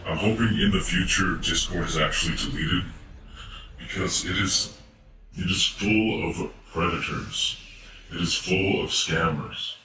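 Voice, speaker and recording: A man streams a game live through a voice changer, chatting casually with viewers in a low, unhurried voice. Heavy background noise and game music fill the echoey room, and he sounds far from the mic.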